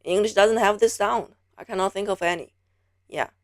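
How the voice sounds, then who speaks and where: Patiently going over each sound slowly and repeatedly, a Beijing woman gives a lesson in Mandarin pronunciation. She has a mid-range voice, and there is background noise in the recording.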